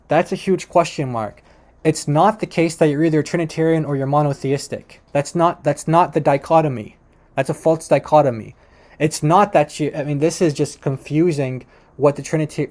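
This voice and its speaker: A man's voice: on the high side, fairly even intonation, normal speed, a little mellow. A man commentating on a video clip he plays, making critical points with emphatic repetition. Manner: emphatic, repeats points for stress.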